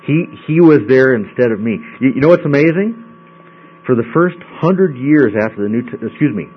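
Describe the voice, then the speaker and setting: A man teaching a Bible study in a conversational way, often checking in with the class. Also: mid-range voice. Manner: conversational, checks in with frequent "okay?". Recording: dull lo-fi recording with mains hum.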